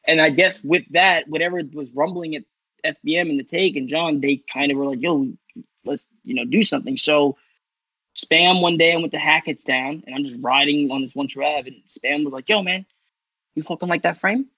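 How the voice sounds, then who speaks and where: A man from New York spins a long story in loose, rambling podcast chat, swearing freely and restarting his sentences. His voice sits a little high. The recording is dull and lo-fi, with a dry, close sound. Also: fairly even intonation, fairly quick, pushed and bright, no echo. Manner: rambling, profane, lots of fillers and restarts. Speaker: guest rider telling his story.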